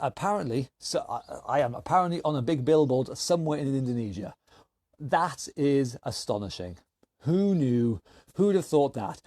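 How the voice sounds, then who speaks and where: A man coaching an online workout class, energetic and encouraging as he calls out moves, slightly out of breath. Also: mid-range voice, dry recording, clean studio sound. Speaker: fitness instructor.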